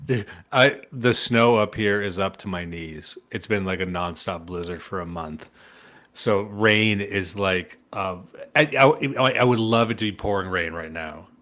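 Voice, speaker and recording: A man from Canada, co-hosting a podcast in a dry, deadpan, joking way. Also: low voice, unhurried. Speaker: podcast co-host. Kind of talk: casual chat.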